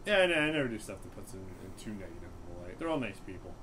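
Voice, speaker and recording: A man's voice: on the low side, sing-song, very fast, fairly bright tone, slight background noise, low-quality recording. A young man in his twenties, a stand-up comic being interviewed, who talks in a rambling, self-deprecating way full of fillers. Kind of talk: casual interview chat.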